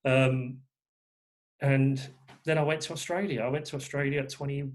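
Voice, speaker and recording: A man's voice: mid-range voice, little pitch movement, normal speed. A man from England, talking as a guest in a rambling way with many fillers and restarts. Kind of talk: casual conversation.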